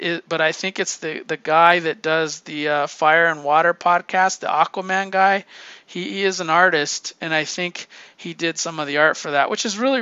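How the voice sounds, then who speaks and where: A man's voice: fairly high pitch, sharp tone, clear, resonant tone, no echo, highs cut off. A man hosting a casual comic book review, retelling plots with lots of swearing and laughter. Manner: profane, laughing storyteller. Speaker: podcast host reviewing comics.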